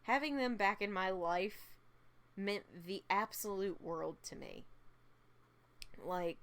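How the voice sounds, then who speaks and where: A woman's voice: mid-range voice, slow pace, a bit bright. A tired woman vlogging a casual film review, gushing, laughing often and repeating herself.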